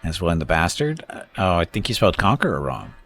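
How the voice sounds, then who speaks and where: A man's voice: sits low, sing-song, fast, fairly bright tone. A man casually commenting on his space strategy game during a live stream, rambling, thanking viewers and joking about word pronunciations.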